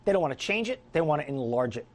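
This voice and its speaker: Animated, sarcastic male talk radio host. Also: on the high side, very fast. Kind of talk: political talk radio monologue.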